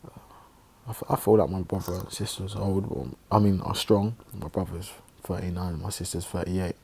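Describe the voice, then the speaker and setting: A man telling a personal story in a halting, reflective way, with many pauses and restarts, sounding subdued and emotional. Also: sits low, fairly even intonation, vocal fry, a little mellow, breathy edge. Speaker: online religious presenter.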